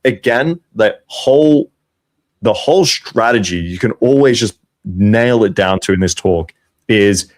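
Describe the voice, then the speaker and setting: A man's voice: lowish voice, lively intonation, measured pace. A man co-hosting a podcast as a dating coach, giving advice in a matter-of-fact, profane, casual way.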